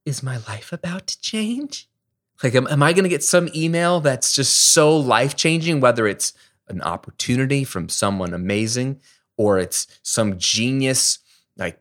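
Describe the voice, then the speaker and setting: Male online business coach, casual teaching monologue, lively and jokey. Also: mid-range voice. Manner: energetic, jokey, animated.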